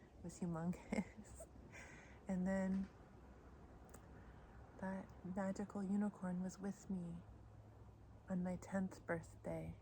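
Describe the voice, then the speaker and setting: Out in the woods, a woman from Idaho gives a casual tarot reading and tells a story from her childhood, laughing often. Her mid-range voice is mellow and level, slow with long pauses. The recording has faint outdoor ambience and a little hiss or hum.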